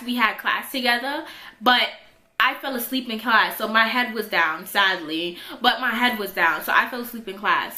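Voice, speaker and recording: A young woman tells a story from her school days in a bright, forceful voice that sits a little high. She tells it casually and dramatically and acts out every voice in it. The room around her sounds echoey. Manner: animated, dramatic retelling with quoted voices.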